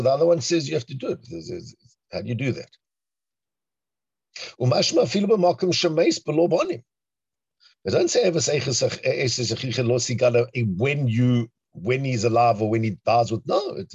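A man teaching a Torah class in an animated, emphatic way, often asking rhetorical questions. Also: mid-range voice, moderate pace, vocal fry, breathy edge, no room sound. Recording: dull lo-fi recording.

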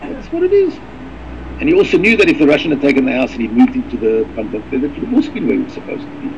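A man teaching a Torah lesson, talking quickly with many halting repeats and reading Hebrew passages fast. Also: mid-range voice, huge pitch swings. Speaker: rabbi teaching a Torah class. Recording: dull lo-fi recording with faint noise.

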